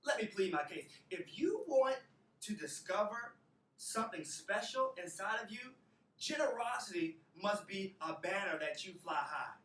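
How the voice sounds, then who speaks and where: A man's voice: high voice, animated, moderate pace, a bit bright, a little hiss or hum. A young man from Alabama with a Southern accent, giving a motivational talk to university students with a preacher-like cadence and emphatic repetitions. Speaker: motivational speaker. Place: university auditorium. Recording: roomy hall, picked up from a distance.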